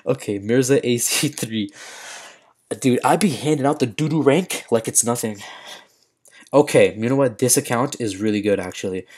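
A young man talking casually to his livestream viewers. He speaks in loose slang and swings into excited shouts while he plays. His voice sits in an ordinary middle pitch. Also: moderate pace. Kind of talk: casual gaming livestream chat.

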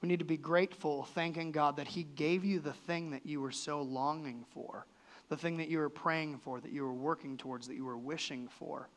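A male pastor speaks at a normal speed in a slightly high, steady-toned voice while preaching in a church. His sermon is earnest and conversational, marked by sharp shifts up and down in his voice.

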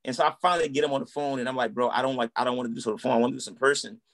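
Animated man telling his story. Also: medium pitch, rapid-fire. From United States. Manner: animated, acts out quoted dialogue. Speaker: guest, musician and minister. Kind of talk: casual conversational storytelling.

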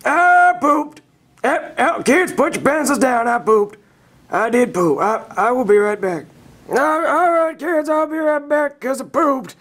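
A man voicing a crabby old male schoolteacher who yells rudely at his class, in a comedic puppet video. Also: very high voice, a little slow, exaggerated voice. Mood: cranky. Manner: yelling, cranky and rude.

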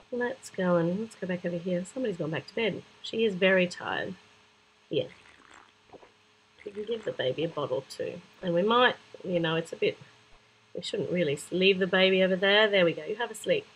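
A woman's voice: mid-range voice, slight background noise, rough recording. A woman chattily narrating a children's app playthrough, talking to the little characters and adding sound-effect words. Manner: chatty, talking to toy figures, sudden excited squeals, sound-effect words. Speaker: kids' app demonstrator.

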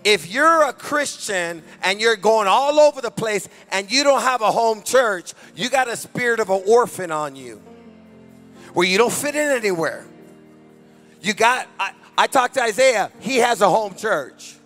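A man preaching a fervent deliverance sermon as pastor at a church service, shouting commands. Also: high voice, expressive, measured pace, soft background music.

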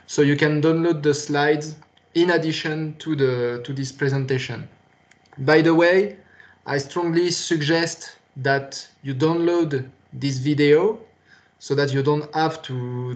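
A man's voice: medium pitch, darkish tone, dull audio. A man with a French accent, a native French speaker, giving a recorded university lecture in a hesitant, patient way with many fillers and restarts.

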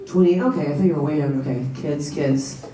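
A woman's voice: low voice, quick pace. Brash profane woman doing crowd work. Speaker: stand-up comedian. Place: comedy club stage. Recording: echoey live club from a distant mic. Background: loud laughing crowd.

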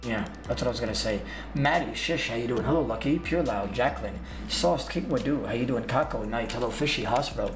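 A man's voice: mid-range voice, fairly quick, echoey room, music in the background. A man streaming a game live, boisterous and laughing, trash-talking and greeting his chat.

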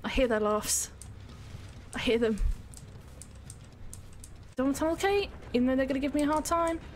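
A woman giving excitable, sweary, self-mocking commentary on her own gameplay as a streamer. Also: high-pitched, moderate pace, slight background noise. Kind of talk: live gaming commentary.

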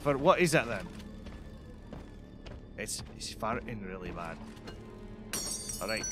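A man hosting a game stream in casual chat, excitedly exclaiming questions about what he sees. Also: on the low side, takes it slowly. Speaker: streamer host. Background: game music.

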